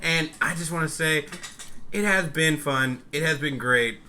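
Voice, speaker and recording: A man's voice: fairly high pitch, measured pace, bright, forceful tone, a little hiss or hum. A young man co-hosting a podcast, joking around and defending himself. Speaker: podcast co-host. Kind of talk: casual chat.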